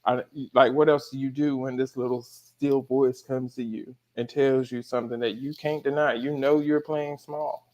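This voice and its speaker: A man's voice: mid-range voice, level tone, normal speed, few pauses, a little mellow. A man, a life coach and guest, telling a story in a casual spiritual chat. He laughs often and curses casually.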